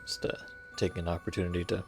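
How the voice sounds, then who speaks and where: A man's voice: low voice, flat delivery, very fast, gravelly, faint music behind. A man streaming a game, giving wry, playful commentary to his chat as he explores. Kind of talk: casual gameplay commentary.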